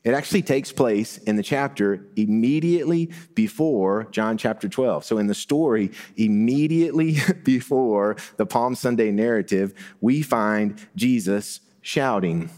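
A man's voice: lowish voice, unhurried, hardly any pauses, a little mellow. A man giving a sermon as a pastor in a church, talking conversationally and lifting his voice for emphasis. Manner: conversational preaching, rising for emphasis. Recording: long hall reverb.

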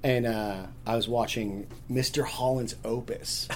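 A man's voice: mid-range voice, fairly even intonation, unhurried, a little hiss or hum. A man chatting as a podcast guest, rambling through stories with many restarts. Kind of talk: casual chat.

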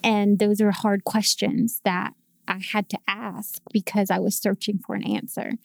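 A woman's voice: mid-range voice, level tone, a little slow, gravelly, dry recording. A woman guest telling her faith story in a casual podcast chat, earnest and emotional.

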